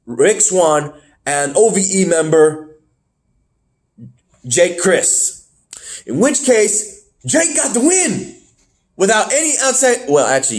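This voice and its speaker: A man with a high voice hosts a casual review podcast, and his pitch swings widely as he recaps. He rambles, catches his own mistakes mid-sentence and fixes them out loud, then bursts with excitement. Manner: rambling, self-correcting, excitable. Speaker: podcast host.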